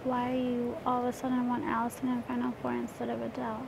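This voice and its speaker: A woman's voice: on the high side, completely flat delivery, quick pace, vocal fry, background noise. A young woman giving short, hesitant replies in casual strategy talk. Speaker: reality show contestant.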